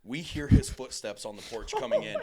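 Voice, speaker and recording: An American man co-hosting a podcast, telling a childhood story in a casual, animated way with plenty of swearing. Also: mid-range voice, a little fast. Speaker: podcast co-host.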